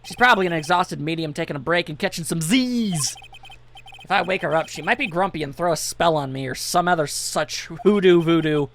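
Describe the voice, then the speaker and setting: A man's voice: fairly high pitch, fairly quick, vocal fry, a bit bright, slight background noise. A man giving casual, jokey commentary over a video game, reading the on-screen text aloud. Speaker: let's play commentator.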